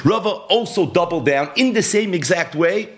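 A man's voice: high-pitched, animated, moderate pace, fairly bright tone. A man teaching a Gemara lesson, explaining the argument animatedly in English mixed with Hebrew and Aramaic terms. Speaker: Talmud teacher.

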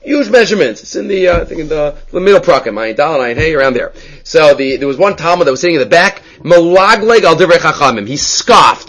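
A man teaching a Talmud class, telling its stories in animated English laced with Hebrew and Aramaic terms. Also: a little high, fast, low-quality recording.

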